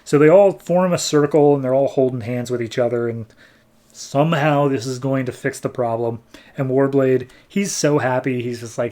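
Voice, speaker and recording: A man's voice: medium pitch, steady tone, moderate pace, mellow. A man co-hosting a podcast, retelling a comic story in a rambling, filler-heavy casual way. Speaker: podcast co-host. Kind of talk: casual comic book recap.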